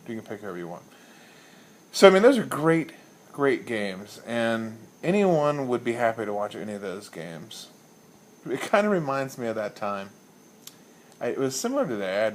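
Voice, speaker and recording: A man's voice: lowish voice, slight background noise. Man rambling through a profane comic rant. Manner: rambling, profane, deadpan storytelling. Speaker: fantasy league commissioner. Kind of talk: casual comedic monologue.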